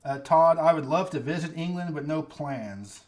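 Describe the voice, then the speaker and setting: A man's voice: a little high, normal speed. A man from California with a Californian accent, hosting a casual livestream and answering viewer questions in a rambling, chatty way with small laughs. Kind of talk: casual live-stream chat.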